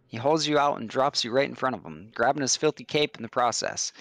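A man's voice: medium pitch, fairly quick, a bit bright, dry recording, close to an everyday voice. A man voicing a teasing old keep resident who chuckles through folksy stories.

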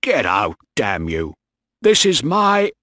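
A man voicing an angry male ship captain who shouts orders in a storybook reading. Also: medium pitch, huge pitch swings, slow pace, dry recording, clean studio sound, full character voice. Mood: outraged. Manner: shouting, indignant. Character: furious older male ship captain, bossy.

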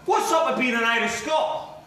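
Man playing a combative Scottish guy, Scottish accent, squeaky-high voice, sounds far off from the mic. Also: animated, normal speed, pushed and bright, exaggerated voice. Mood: arguing. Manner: sweary, argumentative, needling. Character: combative Scottish man, proud of Irish roots. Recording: echoey, distant, noisy.

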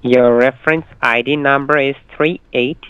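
Man, scam caller, pushy and repetitive, smooth voice, dull dry phone line. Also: medium pitch, fairly even intonation, moderate pace, no echo. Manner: insistent, repetitive, formulaic phrasing. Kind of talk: phone call.

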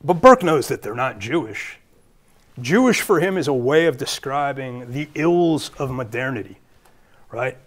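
A man's voice: mid-range voice, animated, a little slow. A man with a Brooklyn accent giving a public lecture as a guest speaker, earnest and thinking aloud with fillers and restarts.

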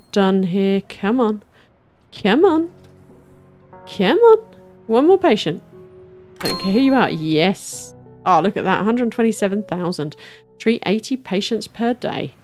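A gaming channel host does a casual let's-play, chatting to herself and to the game's characters and laughing every so often. Her mid-range voice has a slightly mellow quality.

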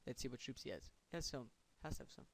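A man's voice: mid-range voice, lively intonation, fast talker, no echo. A man giving casual, rambling gameplay commentary, sarcastic and chanting words under his breath. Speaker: gamer.

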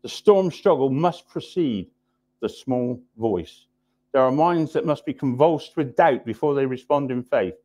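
Man, preacher, sermon, mid-pitched voice, repeats his points, drops low and soft for emphasis, church. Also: lively intonation, unhurried.

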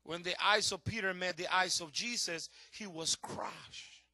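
A middle-aged pastor gives a passionate sermon, shifting from shouting to hushed speech in English with slightly non-native grammar. His voice sits high, his pace is a little slow, and the recording is dry.

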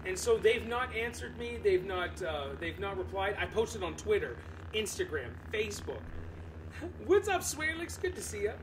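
A man streaming live, chatting with his viewers in an animated, exclaiming ranting manner. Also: sits high, normal speed, noisy background. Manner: animated, exclaiming rant to chat. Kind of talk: casual live-stream chat.

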